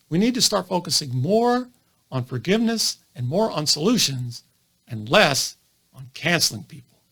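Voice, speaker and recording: An animated male doctor lectures straight to camera, his fairly high voice swinging up and down as he fires off rhetorical questions. A gravelly fry runs under his words, and he keeps a lively, explaining tone throughout. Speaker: physician lecturing on comedy. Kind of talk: educational video monologue.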